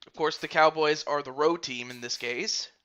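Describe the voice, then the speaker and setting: Bright-voiced man chatting through a live game stream. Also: on the high side, moderate pace. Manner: chatty, rambling, greets viewers by name. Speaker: streamer commentating a video game league. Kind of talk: casual live-stream commentary.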